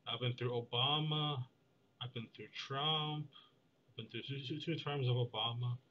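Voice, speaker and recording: A young man talking in a meandering, deadpan vlog monologue, full of fillers and restarts. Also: mid-range voice, moderate pace, muffled recording, slight background noise. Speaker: vlogger. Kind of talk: rambling monologue.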